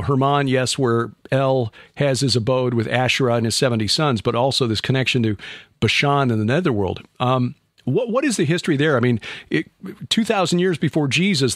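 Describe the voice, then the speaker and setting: A man's voice: mid-range voice, dry recording, studio quality. A man hosting a podcast who sets up long, informed questions for his guests. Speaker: podcast host. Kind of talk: casual podcast discussion.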